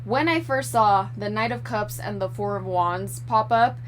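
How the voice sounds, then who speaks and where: A young adult woman reading tarot cards for sports predictions in a casual chat to her viewers, animated, swearing freely and often apologizing. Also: mid-range voice, unhurried, a little hiss or hum. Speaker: tarot reader predicting basketball games.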